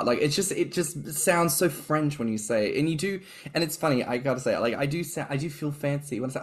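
A man's voice: fairly high pitch, animated, a little fast, few pauses. Campy playful guy on a podcast, voice jumps all over, teasing. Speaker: podcast co-host. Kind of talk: casual chat.

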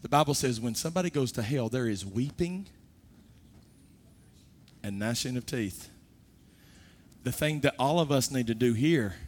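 A man preaching a sermon, moving from quiet, low talk to loud, high-pitched exhortation.

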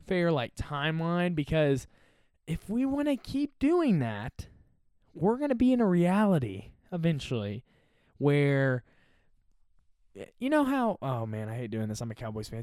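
Animated man with a dry sound. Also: on the high side, dry recording. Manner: animated, opinionated, teasing. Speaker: sports commentator. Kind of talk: casual solo commentary.

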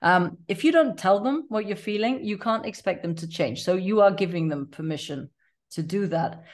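A woman's voice: medium pitch, moderate pace. A middle-aged woman, a life coach, speaking earnestly and reflectively as a podcast guest, with plenty of fillers and restarts. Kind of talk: casual podcast interview.

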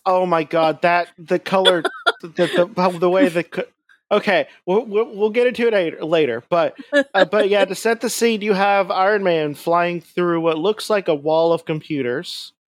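A podcast host who rambles through casual comic-book talk, stopping and restarting sentences often. The voice sits at a middle pitch, and the recording is close and dry. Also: moderate pace, no echo. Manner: rambling, many fillers and restarts.

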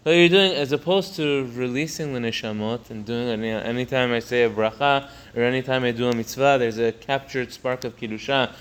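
In this text study lesson, a Torah teacher goes through the religious text line by line, frequently restarting phrases and getting louder and higher on important points. His intonation is fairly even, his pace fairly quick with hardly any pauses, and his tone clean.

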